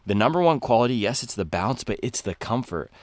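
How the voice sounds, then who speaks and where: A man's voice: mid-range voice, expressive, a little fast, no echo. A man talking casually to camera in a vlog, reviewing running shoes from a parked car in upbeat, slangy hype talk. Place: parked car on a rainy day.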